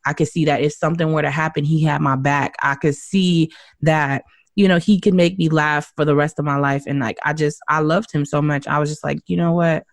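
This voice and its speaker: A woman's voice: low-pitched, brisk, no echo. A young woman casually telling a story, acting out the quoted lines as she goes. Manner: animated storyteller who acts out quotes with laughs. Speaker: guest's wife on a podcast.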